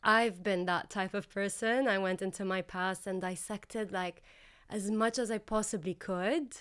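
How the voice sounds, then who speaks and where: A woman guest who works as a healing practitioner, speaking in a calm, measured and reflective way. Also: mid-range voice, clean tone. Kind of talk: thoughtful conversational talk.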